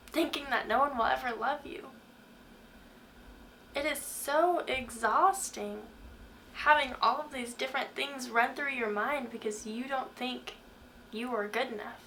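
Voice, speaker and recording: A woman's voice: high voice, fairly bright tone, a little hiss or hum. A woman hosting a faith talk, speaking earnestly and asking the listener many questions. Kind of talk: devotional talk to camera.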